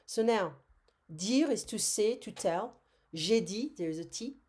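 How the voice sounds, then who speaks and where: Slow, patient French-accented woman teaching. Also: mid-range voice, lively intonation, dark tone, breathy edge. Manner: slow and patient, repeats words, many "euh" fillers. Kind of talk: whiteboard grammar lesson.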